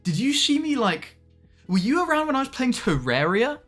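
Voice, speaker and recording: A man's voice: extremely high pitch, sing-song, normal speed, fairly bright tone. Young British man, casual live-stream chat, rambling and friendly, faint music underneath. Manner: chatty, greets viewers by name, laughs often, trails off mid-sentence.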